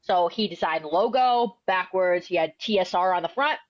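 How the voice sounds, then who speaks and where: A young woman from New England tells her firefighting story in a podcast interview, outspoken and slangy. Her voice sits low for a woman and the sound is close and dry. The recording is slightly dull and lo-fi. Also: no echo. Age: 20s. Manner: blunt, outspoken, slangy and quick. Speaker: firefighter and author, podcast guest.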